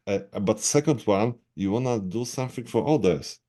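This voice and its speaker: Halting man interviewing. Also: fairly low pitch, lively intonation, dark tone. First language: Polish. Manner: halting, many fillers and restarts, laughs often. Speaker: radio interviewer. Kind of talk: casual interview chat.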